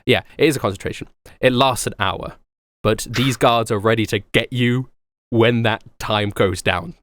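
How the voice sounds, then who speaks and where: A man running a tabletop game as game master, narrating in an animated, rambling way. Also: medium pitch, normal speed.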